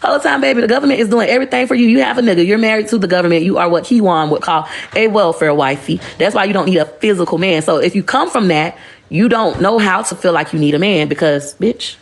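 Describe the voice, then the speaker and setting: Blunt, profane woman with a gravelly voice. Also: medium pitch, fast. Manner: blunt, profane, animated storytelling. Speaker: livestreamer. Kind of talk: casual livestream monologue.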